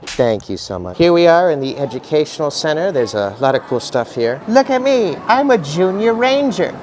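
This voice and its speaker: A man's voice: a little high, moderate pace, a little hiss or hum. Man voicing a chipper frog field reporter. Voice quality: chipper, jokey, deadpan asides. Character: frog reporter puppet, upbeat male field correspondent. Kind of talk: comedic on-location field report.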